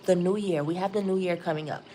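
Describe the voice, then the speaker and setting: Excitable woman reading tarot live. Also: on the low side, fast talker, slight background noise. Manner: excitable, chatty, addresses viewers as y'all. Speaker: tarot reader.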